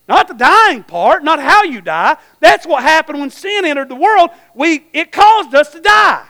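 A man delivers a sermon in an unusually high, bright and forceful voice. His delivery is folksy and animated, with frequent calls of amen and bursts of shouting at the high points. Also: a little slow, few pauses. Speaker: preacher.

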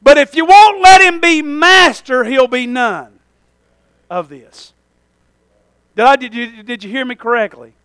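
A man's voice: very high-pitched, measured pace, long pauses, fairly bright tone, clear, resonant tone, no echo. A man preaching a fervent sermon as pastor, calling for amens and using folksy slang.

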